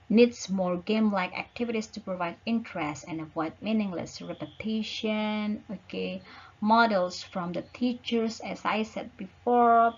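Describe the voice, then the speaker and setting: A woman teaching an online lecture, slowly searching for words with frequent fillers. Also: mid-range voice, dull audio.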